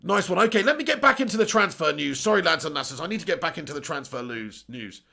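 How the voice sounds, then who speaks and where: Casual live-stream host: young man, high voice with a gravelly edge, chatty and quick to laugh. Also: animated, pushed and bright. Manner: chatty, laughs often, reads out viewer comments. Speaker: YouTube channel host.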